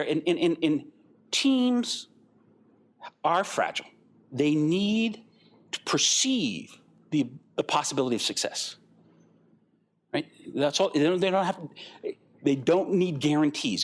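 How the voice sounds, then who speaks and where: An older man giving a conference talk, animated and rambling, acting out the voices of the people in his stories. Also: on the high side, normal speed. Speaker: guest speaker.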